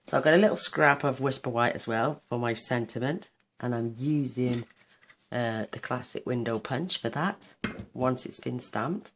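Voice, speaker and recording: A woman hosting a card-making tutorial, chatting enthusiastically while she works, her voice a little croaky. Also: very deep voice. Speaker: craft channel host.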